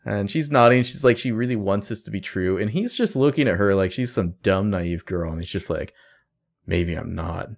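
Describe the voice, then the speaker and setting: A man's voice: lowish voice, expressive, brisk, few pauses. A man co-hosting a podcast, dryly recapping TV scenes in casual chat and reading out the characters' lines. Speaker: podcast co-host.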